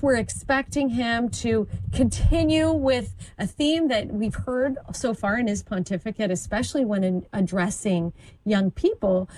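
Lively woman explaining on a talk show. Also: fairly high pitch, a little hiss or hum, rough recording. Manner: enthusiastic, explanatory, occasional stumbles. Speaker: commentator. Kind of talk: informative conversational talk.

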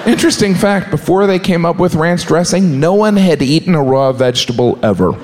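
A man's voice: a little high, expressive, a little fast, very noisy. A man doing stand-up comedy with absurd, playful jokes.

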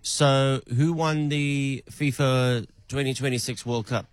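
A man's voice: mid-range voice, fairly even intonation, slow pace, smooth, dry recording. Man, caller probing an AI agent, casual and teasing, dry close sound. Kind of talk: casual playful questioning.

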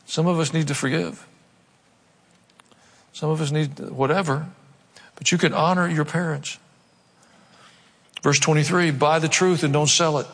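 A man's voice: fairly high pitch, steady tone, unhurried, creaky, pauses often, fairly bright tone. Male pastor, emphatic conversational sermon, repeats key phrases, long hall reverb. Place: large church hall.

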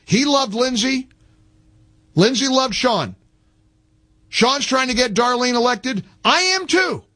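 A man's voice: very high-pitched, slow, fairly bright tone. A man hosting a talk radio show, ranting emphatically and reading an ad himself. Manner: fired-up, emphatic, repetitive. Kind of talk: talk radio rant and host-read ad.

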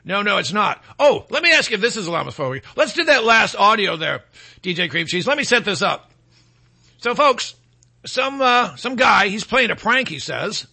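A man hosting a talk radio show, talking in an animated, mocking and scornful way. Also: high-pitched, moderate pace, gravelly, slightly rough. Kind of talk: opinionated talk radio monologue.

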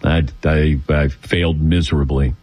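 A man's voice: extremely low pitch, moderate pace, dry recording. An older man hosting a call-in radio show, telling stories and acting out quotes. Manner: animated storyteller, acts out quotes. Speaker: radio talk show host. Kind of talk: casual call-in radio chat.

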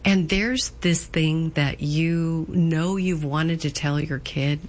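Slightly husky woman radio co-host. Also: low voice, takes it slowly, few pauses. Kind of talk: encouraging radio talk.

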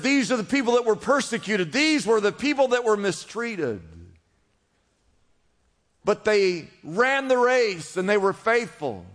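A man preaching a sermon with a high, bright voice. His delivery swells with fervor and repeated calls to keep going. The sound carries a long reverb from a large church hall. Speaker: pastor.

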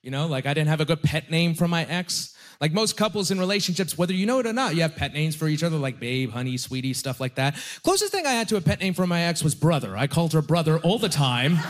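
A man's voice: fairly high pitch, expressive, quick pace, few pauses. A young adult man doing a stand-up comedy set, self-deprecating and given to emphatic repetitions. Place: comedy club stage, live audience.

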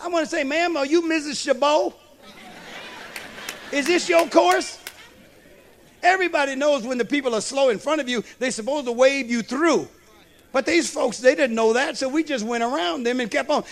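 High-voiced preacher man, emphatic. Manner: preaching with call-and-response asides; slow, emphatic delivery with storytelling. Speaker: pastor. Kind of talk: sermon.

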